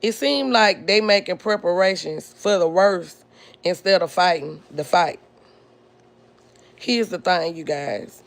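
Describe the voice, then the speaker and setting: With vocal fry and a fairly low pitch, this woman hosts a podcast and recounts a story from her own family. She stretches her words out, sounding blunt and indignant.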